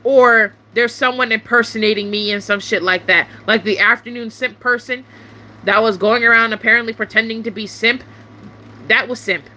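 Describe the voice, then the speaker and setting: A young woman venting to camera in a casual monologue, irritated and swearing often, with sharp rising outbursts. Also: a little high, steady tone, normal speed.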